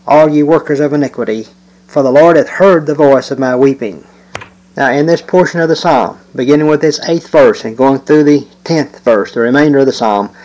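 A man teaching a Bible lesson, explaining verses in a measured way with occasional hesitant fillers and reading scripture aloud slowly. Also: medium pitch, a little mellow, rough recording.

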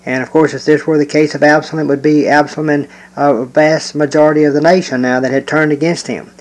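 A man teaching a Bible lesson, explaining verses in a measured way with occasional hesitant fillers and reading scripture aloud slowly. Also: a little high, level tone, rough recording.

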